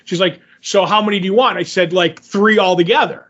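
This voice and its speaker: A man with a notably high voice tells a meandering story in casual podcast chat, slipping into the lines he and others said. The audio is dull and lo-fi. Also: fairly even intonation, brisk, fairly bright tone. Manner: rambling anecdote teller, acts out his own quotes. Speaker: podcast co-host.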